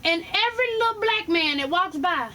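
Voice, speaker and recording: A woman vlogger telling a profane, animated story in a casual storytime rant, laughing as she goes. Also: very high voice, moderate pace.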